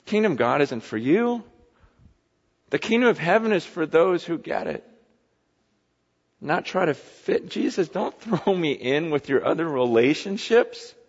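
High-voiced man preaching in a big hall. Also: lo-fi sound. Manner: impassioned preaching, swinging from loud pleading to hushed confession. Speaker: pastor. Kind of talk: sermon.

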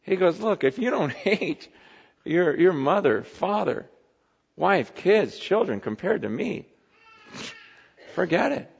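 A man preaching in a church, his high voice rising into loud pleading and dropping to a near hush. The recording is dull and muffled, with a long reverb trailing each line through the big hall. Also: very animated, takes it slowly, gravelly, long pauses, breathy edge. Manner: impassioned preaching, swinging from loud pleading to hushed confession. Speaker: pastor. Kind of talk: sermon.

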